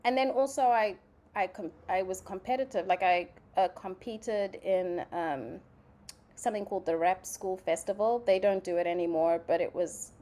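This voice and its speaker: A young woman from Zimbabwe, a playwright and actress, telling stories in a casual interview, animated and full of "like" fillers. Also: medium pitch, normal speed. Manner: animated storytelling, many "like" fillers, acts out quotes.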